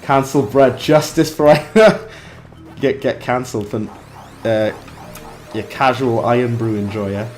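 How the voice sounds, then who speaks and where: Brief: young male game streamer, mid-pitched voice, talkative, reacts out loud as he plays. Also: fairly even intonation, slow pace, soft background music. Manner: chatty, reacts aloud and banters with chat. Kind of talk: live gameplay commentary.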